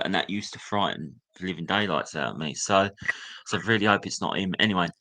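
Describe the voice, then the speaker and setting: Bright-voiced man telling his story. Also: sits low. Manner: candid, reliving memories, acts out a teacher's sneering voice. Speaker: guest. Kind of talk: personal storytelling.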